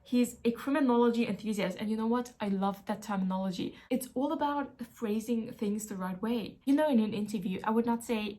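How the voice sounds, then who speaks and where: A woman's voice: a little high, fairly quick, few pauses, dark tone. A woman book vlogger chatting casually as she sums up a mystery novel, playful and self-mocking.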